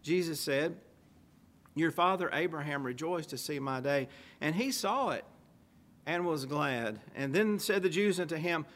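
Emphatic male preacher, slightly high voice. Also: unhurried, fairly bright tone. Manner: reads old-style scripture aloud and asks rhetorical questions; emphatic, stressing key phrases. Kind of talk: sermon with scripture reading.

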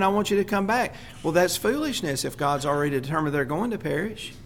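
Deliberate, emphatic man preaching a sermon. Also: fairly high pitch, a little hiss or hum. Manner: deliberate, emphatic, repeats key phrases.

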